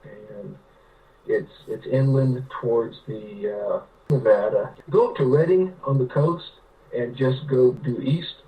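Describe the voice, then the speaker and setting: A man's voice: medium pitch, takes it slowly, warm tone, far from the mic, poor audio. A man from California, a writer telling rambling anecdotes with many restarts in a casual interview. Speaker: guest, writer.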